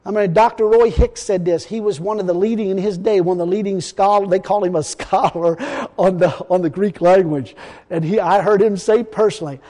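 A man preaching a folksy, emphatic sermon, slowing down to quote scripture. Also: high-pitched, mellow, long reverb tail.

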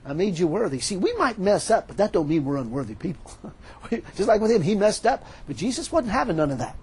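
A man preaching a sermon, animated, retelling a story with quoted dialogue. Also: sits high, a little fast, breathy edge, rough recording.

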